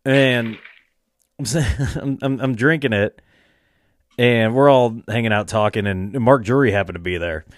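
A man chatting casually and telling loose, rambling stories, laughing often and swearing freely. His voice sits at an ordinary middle pitch. The sound is close and dry, with no room around it. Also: unhurried, no room sound. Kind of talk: casual chat.

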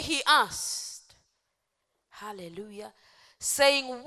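A woman preacher giving an impassioned sermon, moving from soft speech to shouting, with call-and-response. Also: mid-range voice, lively intonation, unhurried, pauses often. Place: church hall. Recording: echoey church hall.

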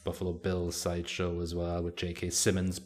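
A man's voice: low-pitched, monotone, moderate pace. A man co-hosting a podcast, chatting casually about a movie and rambling with lots of fillers and restarts. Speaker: podcast co-host. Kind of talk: casual movie review chat.

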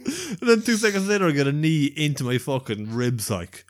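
Lively man, casual banter. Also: medium pitch, moderate pace. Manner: laid-back, jokey, swears. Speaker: podcast co-host. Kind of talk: casual chat.

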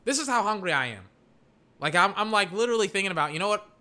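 Rambling young man, bright voice. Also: sits high, quick pace. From Texas. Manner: rambling, heavy on filler words, bursts into excited play-by-play. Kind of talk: casual rambling chat while calling a football game.

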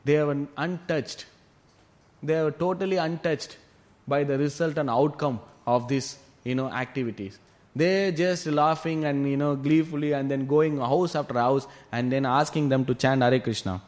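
Male scripture teacher, fairly high voice, lively storyteller with loose fillers. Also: moderate pace. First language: Tamil. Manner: animated retelling with frequent "you know" fillers. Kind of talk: devotional storytelling class.

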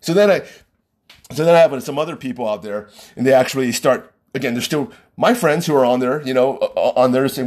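A man's voice: mid-range voice, brisk, darkish tone. A man talking as a podcast host in an exasperated, argumentative rant that keeps repeating itself. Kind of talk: ranting monologue.

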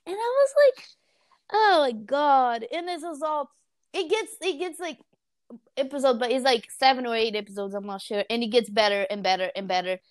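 A woman's voice: on the high side, brisk, dry recording, studio quality. A woman in casual chat, telling a story with lots of laughter and acted-out quotes. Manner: animated storytelling, laughing often, acting out quotes.

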